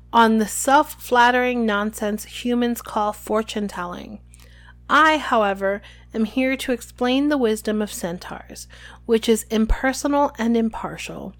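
A woman voicing a calm, aloof male centaur teacher, reading his lines slowly and evenly. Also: a little high. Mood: calm, lofty. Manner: slow, measured reading.

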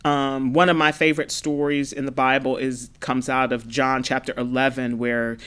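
A woman's voice: extremely low pitch, flat delivery, moderate pace, a bit bright, clean tone. A woman in her fifties from Brooklyn, New York, a parent and podcast guest. She tells her story earnestly and from the heart, often restarting and repeating for emphasis. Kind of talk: casual conversational storytelling.

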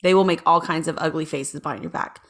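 A woman's voice: deep voice, fairly even intonation, quick pace, fairly bright tone. A woman co-hosting a podcast, joking around and chatting casually. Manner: joking, goofy, asks lots of questions. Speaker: podcast co-host. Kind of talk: casual chat.

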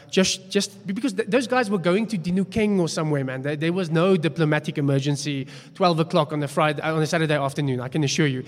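A man preaching a sermon, telling a story in a chatty, self-deprecating way. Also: fairly high pitch. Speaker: pastor. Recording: long hall reverb.

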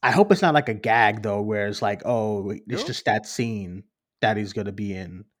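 A man hosting a casual movie discussion, rambling and animated, often acting out what others said. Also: on the low side, normal speed. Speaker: podcast host.

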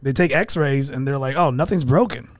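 Speaking at a moderate pace in a mid-range voice, this podcast co-host tells a casual story with lively energy, voicing other people's lines as he goes. There's no echo on the recording.

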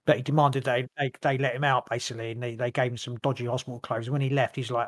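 A man co-hosting a casual podcast conversation. He talks quickly and rambles, circling back and restarting sentences. His pitch sits in an ordinary middle range. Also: flat delivery. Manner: rambling, full of restarts and fillers. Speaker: podcast co-host. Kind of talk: casual chat.

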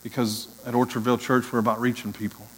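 A man preaching a sermon in an earnest, heartfelt way. His voice sits at an ordinary middle pitch, and a long reverb trails each phrase as though it fills a church hall. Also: flat delivery, fast talker. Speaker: interim pastor.

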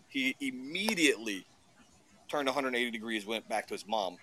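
A man's voice: mid-range voice, fairly quick, sharp tone, slight background noise. A man in casual podcast chat, blunt and swearing freely as he tells stories.

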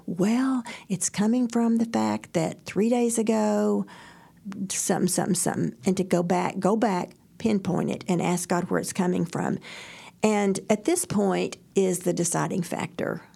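A middle-aged woman co-hosting a faith talk show, telling stories in an animated way, acting out quotes and laughing often. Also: mid-range voice, unhurried, vocal fry, husky. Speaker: podcast co-host. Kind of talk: faith-based casual chat, storytelling.

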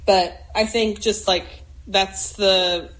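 A woman's voice: mid-range voice, steady tone, slow, a bit bright, poor audio. A woman guest on a podcast, musing in casual chat with many fillers and restarts. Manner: thoughtful, hesitant, many fillers and restarts, laughs easily.

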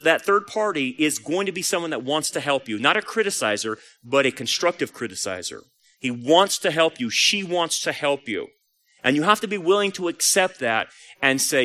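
A man's voice: a little high, big pitch swings, normal speed, bright, forceful tone. A man preaching a sermon as a pastor, telling a story animatedly and acting out the voices.

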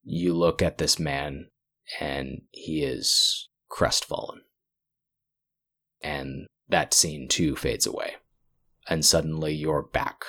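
A man running a tabletop horror game as game master, narrating scenes in a measured, descriptive way. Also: very deep voice, fairly even intonation, fairly bright tone.

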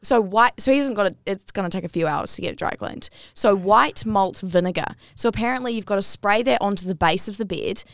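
A woman's voice: mid-range voice, brisk, hardly any pauses, no room sound, studio quality. A woman co-hosting a podcast, telling a personal story in casual chat and rising to squeals at the big moments. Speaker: podcast co-host.

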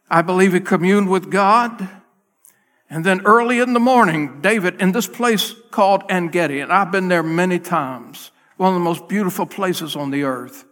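Male pastor telling a bible story in a sermon, sharp bright voice, big echoey church. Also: high-pitched. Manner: dramatic storytelling, acting out scenes. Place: church sanctuary.

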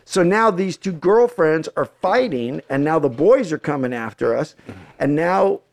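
A middle-aged American man, an actor, telling stories in casual chat, animated and profane, acting out the voices of the people in them. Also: on the high side, a little slow. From United States. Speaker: actor guest. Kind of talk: casual storytelling.

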